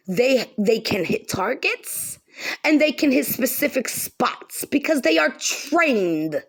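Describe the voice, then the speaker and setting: A woman's voice: sits high, huge pitch swings, slow pace, breathy edge. A woman vlogger delivering an angry direct-to-camera rant, heated and profane, repeating lines for emphasis.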